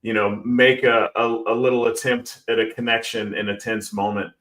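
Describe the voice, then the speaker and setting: A man's voice: on the low side, little pitch movement, moderate pace, fairly bright tone. A man guest on a podcast, easygoing and thoughtful in casual chat. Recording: roomy, distant mic.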